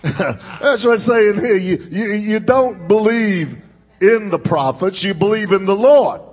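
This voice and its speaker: A male pastor preaching a sermon in a church sanctuary, with drawn-out, emphatic phrasing and call-and-response to his congregation. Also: high-pitched, lively intonation, husky, long reverb tail, soft background music.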